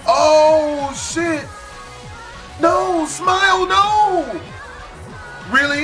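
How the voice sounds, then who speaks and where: A man hosting a reaction video, shouting profane exclamations and laughing as he comments. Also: extremely high pitch, lively intonation, slow pace, soft background music.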